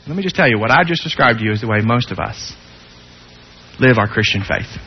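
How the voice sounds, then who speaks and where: A male preacher giving a sermon with rhetorical questions, swinging between loud and hushed delivery. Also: medium pitch, expressive, brisk, husky, highs cut off.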